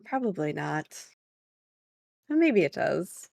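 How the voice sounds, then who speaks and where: A woman's voice: fairly low pitch, sing-song, slow, creaky, darkish tone, no room sound, studio quality. A woman playing her character in a tabletop role-play game, chatty and giggly, often trailing off mid-thought.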